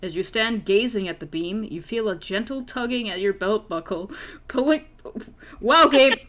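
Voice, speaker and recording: A woman's voice: mid-range voice, normal speed. A woman reading an adventure book aloud as game master, playful and casual, laughing and swearing among friends. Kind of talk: reading a story aloud to players.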